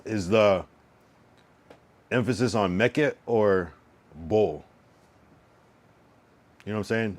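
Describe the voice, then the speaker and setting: A man's voice: lowish voice, slow pace, long pauses. A male streamer in casual chat, repeating a phrase again and again as he practices saying it.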